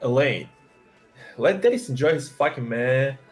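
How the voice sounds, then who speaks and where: A man joking loudly on a game stream, reading character lines and trying out accents. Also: mid-range voice, animated, unhurried, soft background music. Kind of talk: casual game stream chat.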